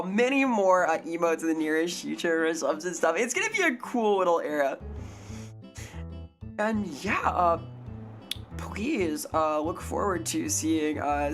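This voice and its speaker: A young adult woman streaming live, chatting casually with viewers and getting excitable and sweary when thanking them. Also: medium pitch. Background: faint music.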